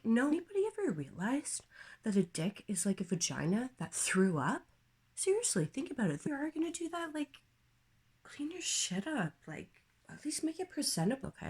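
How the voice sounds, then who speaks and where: A woman ranting on her vlog in a crude, profane, candid way, with jumps to loud outbursts and whispered asides. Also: mid-range voice, breathy edge. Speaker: vlogger. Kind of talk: casual comedic rant.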